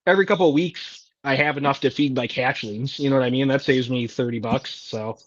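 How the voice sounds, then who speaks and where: Laid-back guest, man in his thirties, chatty and rambling, flat lo-fi dry mic. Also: medium pitch, a little fast, no room sound. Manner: chatty, rambling, laughs easily. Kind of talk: casual livestream chat.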